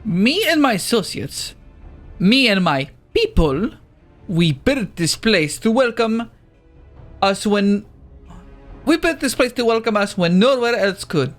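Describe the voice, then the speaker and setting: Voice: medium pitch, sing-song, slow, long pauses, faint music behind. A video game player voicing a tough, straight-talking woman clan leader with a drawling folksy accent that wanders as the lines go on. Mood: firm. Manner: drawling, uses "ain't". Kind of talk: reading game dialogue aloud in character.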